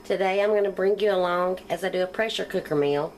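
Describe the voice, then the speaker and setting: Country-accented woman, home-cooking host, slightly low voice, relaxed talk over faint kitchen noise. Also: quick pace, rough recording. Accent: Southern US country. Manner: chatty, step-by-step explaining while cooking. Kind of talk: casual cooking demonstration.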